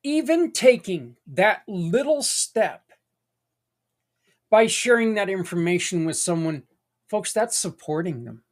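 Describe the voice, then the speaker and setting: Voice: medium pitch, lively intonation, slow pace. A podcast host talking in a casual, earnest monologue, folksy and rambling with tangents and mild swearing. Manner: earnest and encouraging.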